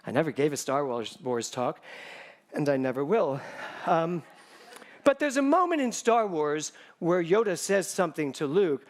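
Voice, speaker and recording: Lively, high-pitched man preaching a sermon. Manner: animated, conversational preaching with jokes and asides. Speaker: spiritual director.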